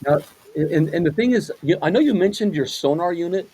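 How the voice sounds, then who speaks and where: A man's voice: high-pitched, expressive, brisk, darkish tone, slight background noise, rough recording. A man hosting a casual interview, talking loosely and rambling, with lots of fillers and agreeing noises. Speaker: host.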